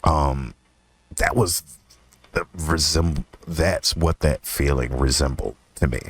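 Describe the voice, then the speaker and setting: A very deep-voiced young man tells a personal story on his own podcast, rambling and swearing freely. He laughs often and pops up into higher voices when he quotes himself. The sound is close and dry, with no room echo. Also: takes it slowly, slightly rough. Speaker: podcast host. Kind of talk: casual storytelling monologue.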